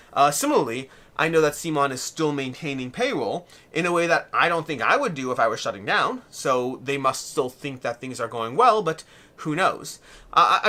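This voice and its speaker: A man's voice: mid-range voice, pushed and bright. A man hosting a weekly live Q&A stream, reading viewer comments and thinking aloud in a rambling way, a little out of breath.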